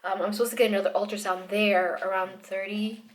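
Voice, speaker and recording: A woman's voice: mid-range voice, fairly even intonation, fast talker, slight background noise. Pregnant young woman rambling in a video diary. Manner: rambling, with restarts and laughter. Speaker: vlogger.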